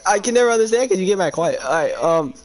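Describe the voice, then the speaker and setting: A teenage boy chats with friends on voice chat while gaming, his voice sitting a little high for a guy. He talks loudly and bluntly, laughing his way through stories. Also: expressive, quick pace, faint music behind. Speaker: gaming channel host.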